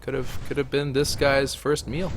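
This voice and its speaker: A young man giving casual let's play commentary as a gaming YouTuber, swinging from low mutters to loud excited outbursts. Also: vocal fry, background noise.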